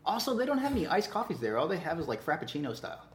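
Brief: American man, lively storyteller, slightly raised pitch, swinging intonation. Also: very fast, slight background noise. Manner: animated, laughing storyteller. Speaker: podcast co-host. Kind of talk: casual chat.

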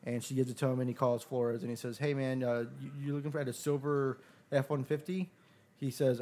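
A man telling a story on a podcast, swearing freely and throwing himself into the quoted lines of other people. His voice sits at an ordinary middle pitch, and he stumbles and restarts as he builds up to the next bit. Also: fairly quick. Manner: profane, animated retelling with quoted dialogue. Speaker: podcast guest. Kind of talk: casual storytelling.

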